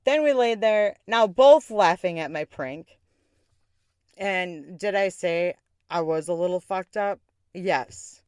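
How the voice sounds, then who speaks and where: Woman rambling thru a wild personal story, cusses a lot, voice jumps up high for effect, dry close mic. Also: slow, a little mellow, smooth, no room sound. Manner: candid, swears freely, pitch jumps up for emphasis. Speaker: podcast host. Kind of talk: casual storytelling.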